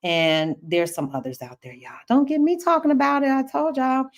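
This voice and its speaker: In a laid-back live-stream Q&A, a middle-aged American host answers her viewers' questions with plenty of laughter and animated chatter. She addresses them directly in a high voice at a moderate pace.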